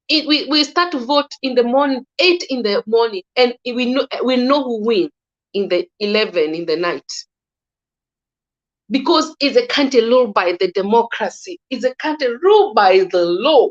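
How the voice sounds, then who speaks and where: Kenyan woman guest airing political views, halting and repetitive, higher voice, muffled low-fi line. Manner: halting, with frequent restarts and repeated words. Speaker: guest commentator. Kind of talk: casual political opinion talk. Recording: slightly dull lo-fi recording.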